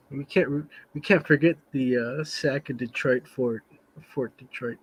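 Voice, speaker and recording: A man's voice: on the high side, slow, pauses often, breathy edge, poor audio. A tired man from the United States in casual podcast chat who rambles, jokes and laughs often.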